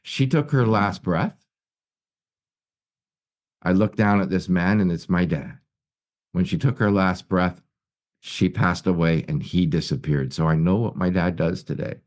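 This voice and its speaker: A man's voice: low voice, a little slow, pauses often, darkish tone. A man giving an earnest personal recovery share at a meeting, telling stories with many restarts and repeated words. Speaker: guest speaker at a recovery meeting. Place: his office at work.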